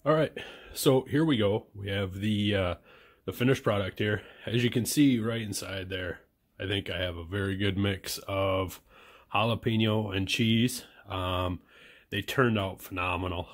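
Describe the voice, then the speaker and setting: A man with a fairly low voice runs a casual cooking vlog. He talks in a relaxed, unhurried way, full of ums and uhs and restarts, and sometimes chews while he talks. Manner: relaxed, many filler words and restarts; talks while chewing at times. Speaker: home cook and channel host.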